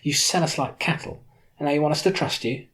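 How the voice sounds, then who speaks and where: A man's voice: fairly high pitch, brisk, a bit bright, voice pushed up, natural voice. A man voicing an angry teenage girl who feels betrayed, accusing and bitter in an audiobook.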